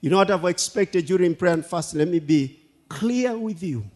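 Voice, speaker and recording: A man preaching a sermon as pastor, animated, laughing and repeating himself for emphasis. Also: sits high, normal speed. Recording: long hall reverb.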